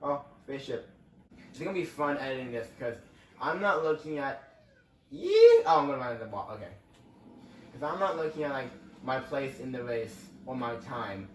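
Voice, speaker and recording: Expressive and a little fast, this medium-pitched, fairly bright voice comes from a young man chatting through a racing game for his channel and responding to what happens on screen. The distant, roomy mic catches faint ambience plus a little hiss or hum.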